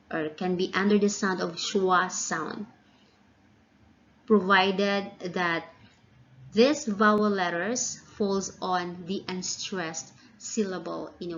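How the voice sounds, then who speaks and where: Woman phonics teacher, very slow, deliberate, drawn-out example words, dull lo-fi sound. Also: mid-range voice, fairly bright tone. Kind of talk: slow classroom phonics lesson. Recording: dull lo-fi recording.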